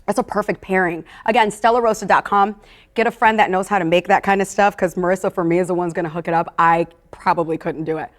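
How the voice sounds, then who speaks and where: A woman's voice: fairly low pitch, steady tone, quick pace. A woman hosting a live wine tasting in a casual, upbeat way. She talks straight to her viewers and drifts into personal stories and asides. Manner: talks straight to viewers, calling them "you guys".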